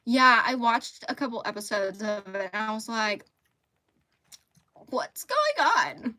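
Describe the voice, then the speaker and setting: Lady chatting on a crochet stream, bright kinda high voice, laughs a lot, rambles. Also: steady tone, normal speed. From Mississippi, US. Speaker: crochet livestream host. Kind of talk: casual livestream chat. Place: home closet.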